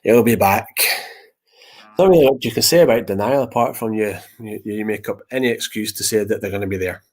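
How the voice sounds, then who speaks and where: A man hosts a podcast in a fairly low, darkish voice, speaking fast. He talks casually about grief, rambling and repeating words as he acts out old conversations.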